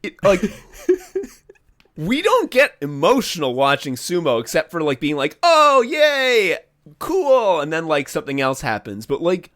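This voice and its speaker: A man co-hosting a podcast, telling stories in casual, profane, animated chat. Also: fairly high pitch, moderate pace. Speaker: podcast co-host. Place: separate rooms from co-host.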